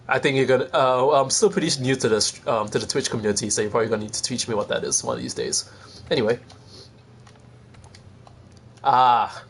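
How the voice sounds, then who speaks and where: A man's voice: medium pitch, lively intonation, brisk, creaky, pauses often. A man streaming a video game, rambling casually and chatting to viewers with self-deprecating asides. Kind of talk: casual gameplay commentary.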